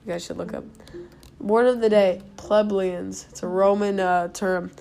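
Unhurried and mellow, this young woman's mid-range voice holds a steady tone with a creaky fry as she rambles through her solo podcast at home. She often pokes fun at herself in little asides.

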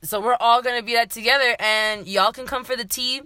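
A young woman from Miami in her twenties, co-hosting a casual chat podcast, talking fast, swearing and laughing often. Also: a little high, fairly even intonation, sharp tone, dry recording. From Miami, Florida. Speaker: podcast co-host.

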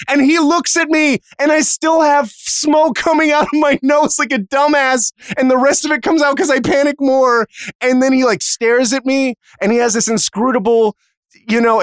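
A man's voice: very high voice, clean tone, no echo, studio quality. A man hosting a podcast, telling a long comic story in casual, profane chat with sudden jumps in voice. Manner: animated, profane storyteller with quick voice shifts. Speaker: podcast host.

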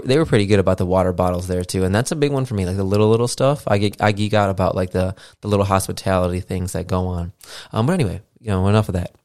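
On his casual solo podcast, a man with a deep, darkish, clean-toned voice rambles along, using many fillers and swearing offhandedly. His studio mic runs through a podcast mixer, and no room sound comes through.

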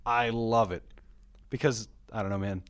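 A young man co-hosting a casual podcast, relaxed and steering the talk along. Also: on the low side, normal speed, clean tone. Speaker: podcast co-host. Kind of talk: casual chat.

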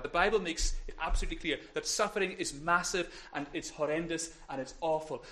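A man preaching a sermon in a church, earnest and pleading, moving between soft, quiet appeals and emphatic, rising passages. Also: fairly high pitch, normal speed, hardly any pauses. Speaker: pastor.

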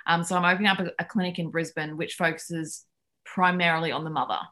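This woman, a nutritionist guesting on a podcast, talks fast in a lowish voice. She's chatty and animated, spinning stories loaded with filler words in casual conversation.

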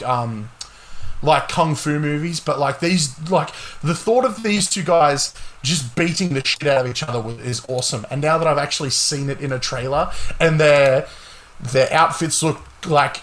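A young man hosting a casual gaming podcast, talking excitedly and swearing a lot. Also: on the high side. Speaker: podcast host.

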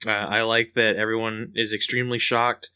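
A man's voice: on the low side, little pitch movement, moderate pace, pushed and bright, clean tone. A man co-hosting a casual comic book podcast, laid-back and chuckling as he jokes. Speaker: podcast co-host.

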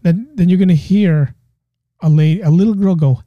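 A man's voice: a little high, normal speed, warm tone, no room sound, lo-fi sound. A man hosting a podcast, talking casually and rambling with frequent restarts. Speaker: podcast host. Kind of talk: casual monologue.

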